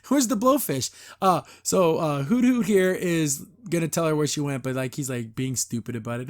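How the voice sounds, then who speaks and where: Male podcast host, slightly high voice, loose and opinionated reaction commentary with lots of restarts. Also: expressive, a little fast. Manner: rambling, opinionated, restarts and fillers; mimics characters when retelling scenes. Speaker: podcast host reviewing a cartoon.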